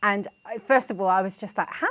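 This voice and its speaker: A woman's voice: mid-range voice, fairly quick, a bit bright, dry recording. A woman hosting a TV interview show in a bubbly, giggly, effusive way. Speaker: TV show host.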